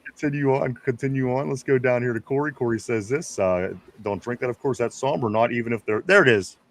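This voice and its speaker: A man with a mid-range voice co-hosts a live sports podcast, speaking briskly. Laid-back, he reads viewer comments aloud in casual live-stream chat and chuckles along.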